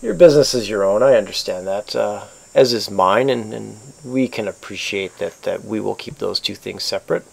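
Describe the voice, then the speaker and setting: A man playing a shrewd, businesslike male fixer in a tabletop game, speaking in a measured, subdued way. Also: fairly low pitch, gravelly.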